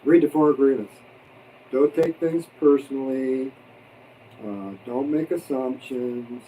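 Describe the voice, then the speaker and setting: Relaxed male host talking through a meal, warm dark tone, light background hiss. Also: mid-range voice, unhurried, distant mic, rough recording. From abroad, expat. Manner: chatty, joking, eating while talking. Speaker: livestream host. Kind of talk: casual mukbang chat. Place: home in the Philippines.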